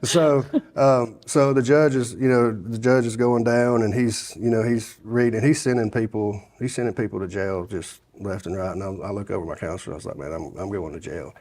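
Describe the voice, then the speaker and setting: A man from shares his testimony in a relaxed interview. His voice sits low, and his speech wanders, full of restarts and filler as he works through the story. He sounds middle-aged and unpolished. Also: normal speed, hardly any pauses. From Sevier County, Tennessee. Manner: rambling storyteller, many restarts and "you know". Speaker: guest sharing his testimony.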